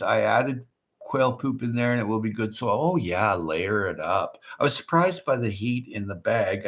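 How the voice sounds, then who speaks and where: A middle-aged man hosting a casual livestream, chatting in a rambling, folksy way full of fillers and restarts. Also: mid-range voice. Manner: rambling, folksy, with many fillers and repeated starts. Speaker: livestream host. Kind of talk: casual chat reading viewer comments.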